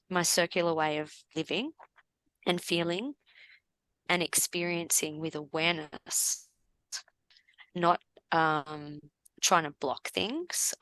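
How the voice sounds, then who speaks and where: A woman talking as a podcast guest, slow and reflective, searching for words with frequent fillers. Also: sits low, fairly bright tone, poor audio. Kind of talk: reflective conversational interview.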